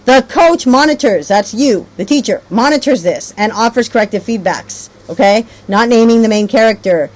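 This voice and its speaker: A woman's voice: fairly high pitch, lively intonation, moderate pace, hardly any pauses, rough recording. A woman training teachers on a reading method, rambling a little, correcting herself and checking in often. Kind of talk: teacher training talk with read-aloud demos.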